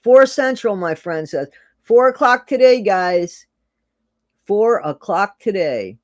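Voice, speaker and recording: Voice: mid-range voice, animated, slow, no room sound, studio quality. Chatty livestream host. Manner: chatty, rambling, laughs often, repeats phrases. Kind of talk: casual livestream chat reading viewer comments.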